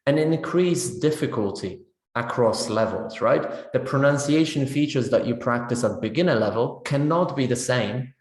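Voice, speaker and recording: A man talks teachers through a pronunciation lesson in a loose, conversational webinar style. He keeps checking in with a quick "right?" as he goes, and his mid-pitched voice carries a roomy echo. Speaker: teacher trainer.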